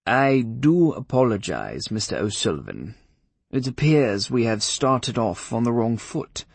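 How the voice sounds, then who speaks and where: A man's voice: mid-range voice, very animated, a little slow, vocal fry, husky, no room sound, exaggerated voice. A man voicing a genial, avuncular priest who speaks in a soothing, fatherly way. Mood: placating.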